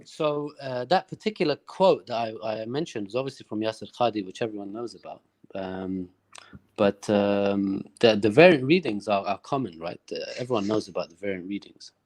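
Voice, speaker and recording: Hesitant man explaining slowly. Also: fairly low pitch, darkish tone. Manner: hesitant, explaining with many fillers. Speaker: caller debating religion. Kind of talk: live debate on a call.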